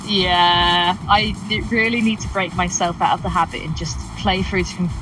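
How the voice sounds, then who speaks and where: A woman co-host with a lowish voice who chats confidently about game lore. She sounds set back from her mic. Game music plays underneath. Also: fairly even intonation, moderate pace, distant mic, low-quality recording. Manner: chatty, confident theorizing. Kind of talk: casual gaming chat.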